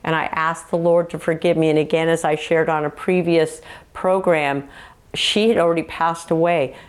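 Lady preacher teaching about dreams on her program, earnest, a bit low-pitched. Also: steady tone, normal speed. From United States. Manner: earnest, personal testimony with scripture. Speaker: Christian TV minister.

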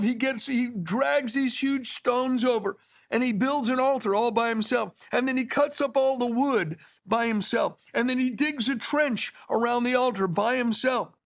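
A male preacher with a notably high voice and a rough, gravelly edge. He preaches in a loose, conversational way, retelling stories and doubling back on his words as he goes. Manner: conversational storytelling preaching with frequent restarts. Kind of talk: sermon.

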